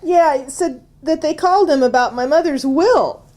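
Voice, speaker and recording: A woman's voice: high-pitched, moderate pace, darkish tone, lightly acted. An actress playing a flustered, stammering small-town woman in a comic radio soap.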